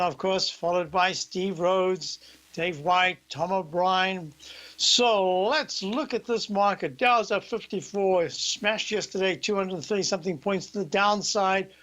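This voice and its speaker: A man's voice: high voice, pushed and bright, rough recording. An older man with a South African accent, hosting a radio show and walking listeners through market charts in a rambling, conversational way. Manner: rambling, conversational, explains slowly. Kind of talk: market commentary.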